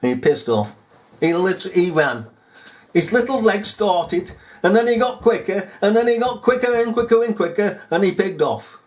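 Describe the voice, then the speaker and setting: A man's voice: sits high, animated, normal speed. Chuckling, scornful man. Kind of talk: rambling monologue rant.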